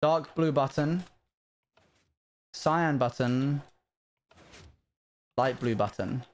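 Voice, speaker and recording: Chatty man streaming a building game. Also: very slow. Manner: chatty, talks to his chat while building, bursts of panicked pitch jumps. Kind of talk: casual live-stream gaming commentary.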